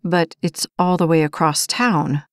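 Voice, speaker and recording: A woman reading an audiobook, voicing a pushy young man who talks slow and low to coax his date. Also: fairly even intonation, dry recording, studio quality. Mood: dismissive. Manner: slow, low and coaxing, then dismissive.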